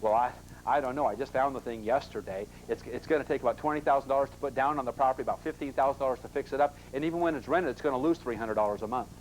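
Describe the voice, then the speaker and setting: A man's voice: mid-range voice, rapid-fire, slight background noise, natural voice, low-quality recording. A man quoting an unsure woman in his seminar, speaking hesitantly with stammers. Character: unsure woman asking about a bad property deal.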